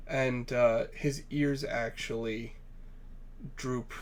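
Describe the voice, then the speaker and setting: A man playing in a tabletop role-playing game over an online voice call, describing his character in a deliberate, thoughtful way with pauses. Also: mid-range voice, little pitch movement. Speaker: player.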